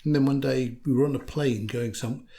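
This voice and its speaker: A man's voice: mid-range voice, fairly even intonation, fairly quick, gravelly, warm tone. Chatty British storyteller man. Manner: chatty, anecdotal, dry humour. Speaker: storyteller, interview guest. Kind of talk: casual conversation.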